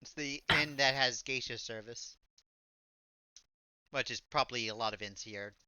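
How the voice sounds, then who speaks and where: A man's voice: medium pitch, moderate pace, bright, forceful tone, smooth, dry recording. A man running a tabletop role-play game as game master, laid-back and saying "y'all".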